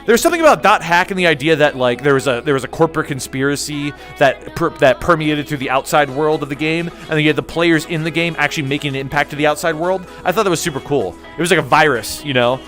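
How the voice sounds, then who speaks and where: Man, young adult, streamer, casual rambling chat, animated, faint background music. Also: a little high, fast, hardly any pauses. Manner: rambling, animated, reads chat aloud, jokey.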